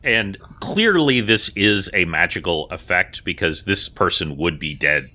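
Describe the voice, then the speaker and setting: Deep, slow-talking man narrating as game master. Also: lively intonation, bright, forceful tone. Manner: measured, with fillers and asides.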